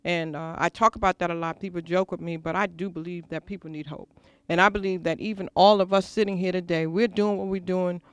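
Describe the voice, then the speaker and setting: A woman's voice: lowish voice, fairly even intonation, fairly quick, clear, resonant tone, no room sound. A woman on a talk show panel giving an earnest, faith-filled testimony with emphatic phrasing. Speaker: panel guest. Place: school venue.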